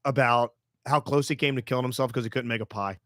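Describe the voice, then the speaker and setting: A middle-aged man co-hosting a comedy podcast, telling stories in a casual, animated way and acting out the people in them. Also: mid-range voice, fast, dry recording, studio quality. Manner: animated, acts out voices and shouts in his stories. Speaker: podcast co-host.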